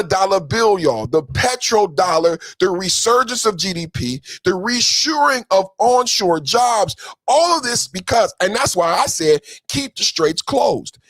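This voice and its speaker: A man's voice: sits high, fairly bright tone, dry recording. A man hosting a podcast, delivering an emphatic political commentary rant with taunting, sing-song jabs. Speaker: podcast host.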